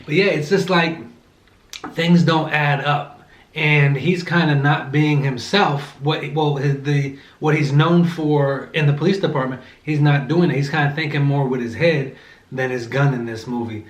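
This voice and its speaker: A man's voice: fairly high pitch, steady tone, unhurried. Rambling man in an echoey room. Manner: rambling, with many fillers and self-corrections; eating between remarks. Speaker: vlogger reviewing a movie while eating. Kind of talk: casual chat.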